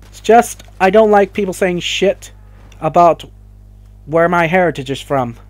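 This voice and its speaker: A man's voice: high-pitched, expressive, measured pace, no room sound. A young man ranting emotionally to camera in a vlog, swearing and rambling as he gets worked up. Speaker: vlogger. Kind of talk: heated opinion rant to camera.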